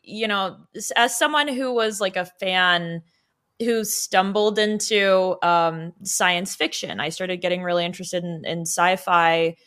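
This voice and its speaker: A woman's voice: on the low side, a little slow, a bit bright, clean tone. A young woman, a comedian guest, chatting casually with lots of fillers. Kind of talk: casual podcast chat.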